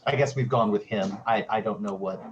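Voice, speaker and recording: A man's voice: fairly low pitch, a little fast, dull audio, slight background noise. A man running a tabletop game as game master, easygoing and a little hesitant as he explains things.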